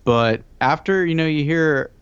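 A man's voice: on the high side, measured pace, smooth, no echo. Man, podcast co-host, rambling jokey chat, dull dry audio. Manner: rambling, joking, lots of "like" fillers. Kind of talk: casual chat.

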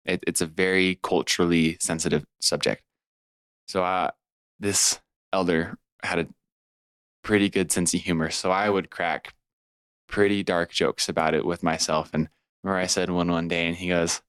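Man, twenties, from California, animated storyteller, deep-ish voice, dry recording. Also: normal speed, clean tone, dry recording. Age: 20s. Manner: animated storyteller, acts out other people's lines. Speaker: podcast guest. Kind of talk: personal storytelling in conversation.

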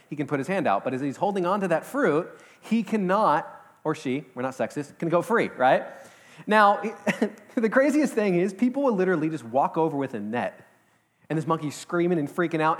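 A man preaching an energetic sermon to young adults in a church service, in a fast and casual way with many fillers. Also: on the high side. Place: church service hall with congregation.

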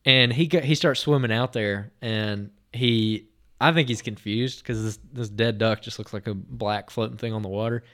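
A man's voice: on the low side, normal speed. A man hosting a podcast, telling a long anecdote in a casual, rambling way, full of fillers and restarts. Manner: rambling, filler-heavy retelling with many restarts; lively, excited anecdote telling. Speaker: podcast host.

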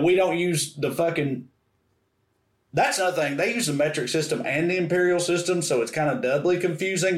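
Profane man in an echoey room. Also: mid-range voice. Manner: animated, profane storytelling. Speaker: podcast co-host. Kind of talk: casual chat. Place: room on a trip abroad. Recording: roomy echo.

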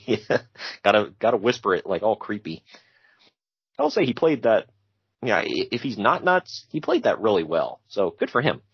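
Man, lowish husky voice, lively pitch, dry dull lo-fi sound, casual podcast recap. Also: normal speed, dry recording. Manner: animated, laughs often, jokey asides. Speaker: podcast co-host. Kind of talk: casual wrestling recap chat.

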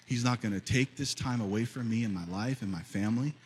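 A man in his fifties preaching a sermon as pastor, telling a story and then rising to loud, fervent preaching. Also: medium pitch, a little fast, slight background noise, rough recording. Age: 50s.

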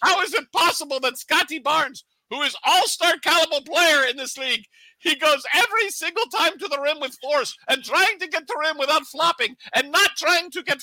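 A man doing an impression of a furious middle-aged basketball coach with a thick accent, ranting at a high pitch. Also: pushed and bright, dry recording, heavily acted, low-quality recording.

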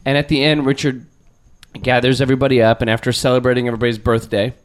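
A man co-hosting a podcast, an animated storyteller in casual chat who swears freely and restarts his sentences. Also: medium pitch, fast talker, clear, resonant tone. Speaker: podcast co-host telling a story.

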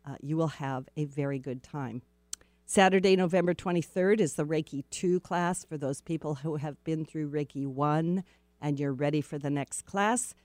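A woman's voice: low-pitched, moderate pace, darkish tone, dry recording. Upbeat woman radio host, dry studio sound. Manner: upbeat, spiritual, talks to listeners directly. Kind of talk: chatty on-air announcements.

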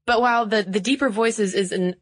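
A woman's voice: mid-range voice, brisk, no room sound. A woman from the Southern United States co-hosting a podcast, explaining research in a casual chat and laughing easily. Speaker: podcast co-host.

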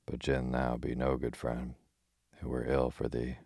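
A man voicing a gruff, quick-tempered tinker who speaks bluntly in old-fashioned words, in an audiobook reading. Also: rumbling low, completely flat delivery, a little mellow, no echo, clean studio sound, heavily acted. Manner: blunt, archaic speech, scolding.

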